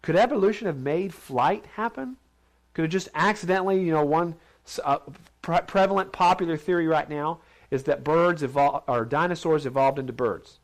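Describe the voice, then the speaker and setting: A man's voice: on the high side, normal speed. A man teaching a Bible lesson in a conversational, questioning way. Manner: conversational, asks questions, acts out others' voices. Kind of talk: informal sermon to a group. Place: large steel building.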